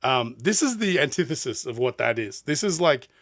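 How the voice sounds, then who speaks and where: A man's voice: medium pitch, very animated, normal speed, fairly bright tone, no room sound, clean studio sound. An Australian man, a music producer, chatting casually as he reacts to a song, rambling and laughing often. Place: studio.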